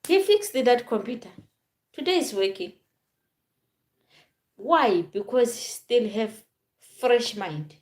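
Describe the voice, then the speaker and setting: Woman in her forties, from southern Africa, casual vlog talk, halting and repetitive. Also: a little high, expressive. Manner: halting, repeats and restarts phrases. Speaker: vlogger.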